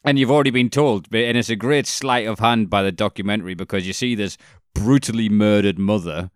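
A man's voice: fairly low pitch, brisk, smooth, no echo, studio quality. A man co-hosting a podcast, talking bluntly and swearing, explaining his points in casual chat. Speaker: podcast co-host.

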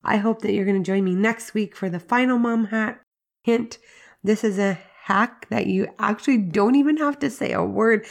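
A woman's voice: mid-range voice, creaky. A woman in her thirties hosting a podcast, teaching parenting tips in a casual, conversational way with filler words. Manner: conversational, uses "like" and "right?" as fillers. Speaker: podcast host.

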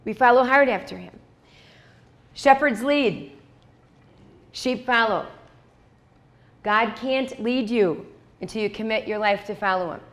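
A woman's voice: on the high side, a little slow, long pauses, fairly bright tone. A woman preaching a sermon in a conversational way, repeating key lines and checking in with "okay?" and "right?". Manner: acts out short dialogues in quoted voices.

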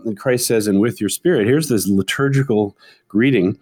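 A man's voice: mid-range voice, normal speed, darkish tone. A man co-hosting a podcast in casual discussion, explaining a text and reading passages from it aloud. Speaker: podcast co-host.

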